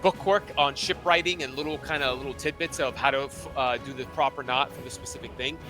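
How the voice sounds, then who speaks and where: A man's voice: medium pitch, steady tone, brisk, over music. A man narrating a tabletop game as its game master, loose and rambling with many fillers.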